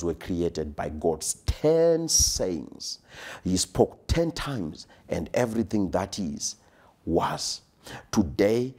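A man's voice: low-pitched, a little mellow, slightly rough. A man preaching a sermon in an emphatic, repetitive cadence, sometimes dropping to a whisper for emphasis.

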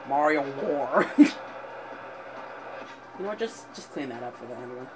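A man playing a video game, commenting as he plays, often frustrated, swearing, laughing and yelling at the game. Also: fairly high pitch, noisy background. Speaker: gaming YouTuber. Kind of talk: let's play commentary. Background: game music.

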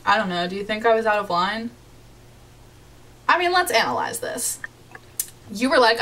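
A woman's voice: mid-range voice, sing-song, moderate pace, pauses often, fairly bright tone, distant mic, a little hiss or hum. A young woman chatting casually through a let's-play of a game from her bedroom, reading chat messages aloud with a giggly, playfully dramatic manner. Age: young adult. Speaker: gaming YouTuber. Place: home bedroom.

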